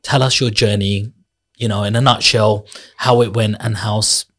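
A man's voice: on the low side, fairly even intonation, normal speed, creaky, a bit bright. Encouraging male podcast host. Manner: encouraging, affirming. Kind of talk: podcast interview.

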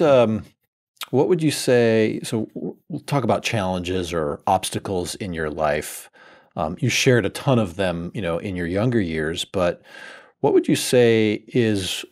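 A man's voice: on the low side, a little mellow. A man hosting a podcast interview, asking questions and giving short acknowledgments. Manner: brief encouraging interjections and questions. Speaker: podcast host. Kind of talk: casual interview chat.

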